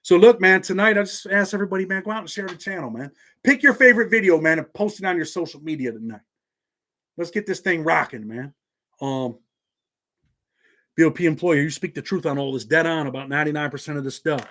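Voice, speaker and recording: A man's voice: a little high, a little fast, sharp tone. Laid-back man with a Southern twang. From Indiana. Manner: laid-back street slang, says "man" constantly. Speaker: channel host. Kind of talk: live stream chat. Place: home office.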